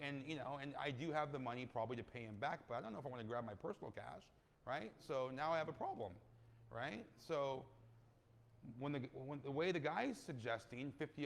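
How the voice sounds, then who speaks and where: Animated man with a chatty "right?" habit. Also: medium pitch, creaky. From California. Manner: animated storyteller, acts out quoted people, many "right?" tags. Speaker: real estate investor guest. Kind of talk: casual interview talk.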